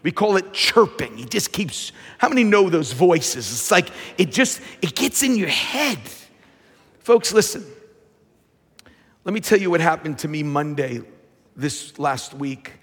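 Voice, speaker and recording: A man's voice: on the high side, sing-song, a little slow, fairly bright tone, husky. A man preaching a fervent sermon as pastor, often restarting and repeating his words as he builds his point. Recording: long hall reverb.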